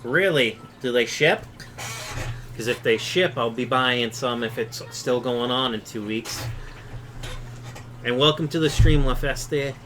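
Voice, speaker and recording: A man's voice: medium pitch, a little slow, pauses often, a bit bright, slight background noise. A man from Chicago hosting a casual live stream, reading viewer comments aloud and answering them offhand. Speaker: aquarium channel host.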